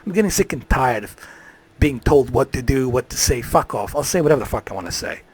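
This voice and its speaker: A man's voice: medium pitch, very animated, brisk, slightly rough. A man ranting on a live stream, heated and profane, swearing freely.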